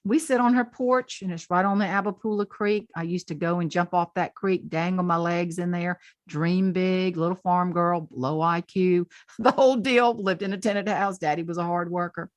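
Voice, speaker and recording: A Southern woman from the South Carolina Lowcountry, a humorist and speaker, telling folksy stories in an interview and laughing often. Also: fairly even intonation, normal speed, no echo. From Southern United States. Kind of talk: storytelling interview chat.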